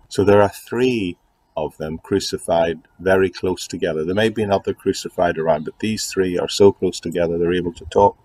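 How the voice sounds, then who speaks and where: Preacher, male, very low voice, earnest and measured delivery, faint hiss on the recording. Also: a little mellow. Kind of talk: sermon.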